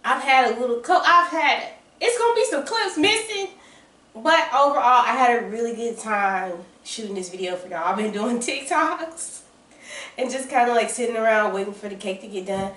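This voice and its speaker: A woman with a Southern US accent chatting excitedly and casually while baking in her home kitchen, calling her viewers y'all and baby. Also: a little high, moderate pace, distant mic. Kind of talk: casual chat to camera. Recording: roomy kitchen sound, off-mic.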